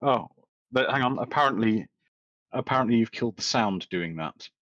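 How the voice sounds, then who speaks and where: A man's voice: medium pitch, expressive, moderate pace, fairly bright tone, no room sound, muffled recording. A man co-hosting a casual live stream, chipping in with dry, teasing remarks.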